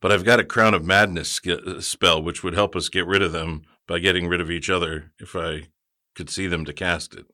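A man playing a tabletop game in casual chat, animated and prone to stammers and laughing between lines. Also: low-pitched, fairly quick. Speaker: player.

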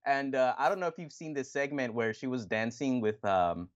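A man co-hosting a casual wrestling chat, animated and profane, often acting out other people's lines. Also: medium pitch, normal speed, dull audio. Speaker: podcast co-host.

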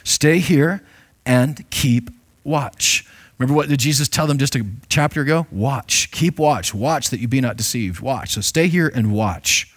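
A male pastor talking through a bible passage in a relaxed, chatty sermon, joking now and then and restarting his sentences at a middling pitch. he reads the verses aloud and then breaks off to unpack them for the room. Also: moderate pace, few pauses, breathy edge. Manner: conversational and playful, with frequent restarts. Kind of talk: sermon reading and explaining scripture.

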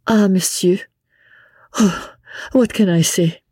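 A woman's voice: medium pitch, slow, warm tone, slightly rough, no echo, clean studio sound, voice pushed up. A woman voicing an elderly foreign countess who speaks with a strong foreign accent in a gracious, exclaiming way.

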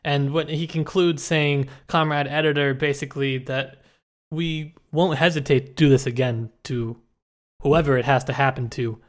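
A man with a mid-range voice speaks in a casual book discussion on a podcast. He is relaxed and jokes around, laughing easily. He stacks up his points one after another. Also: mid-range voice, moderate pace. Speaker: podcast co-host.

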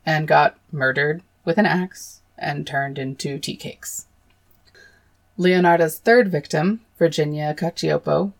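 A woman with a low voice hosts a true crime podcast. Her tone is gravelly with a lot of vocal fry. She tells the case plainly, then breaks into blunt, swearing asides of horror. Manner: blunt and swearing, with horrified outbursts. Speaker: podcast host.

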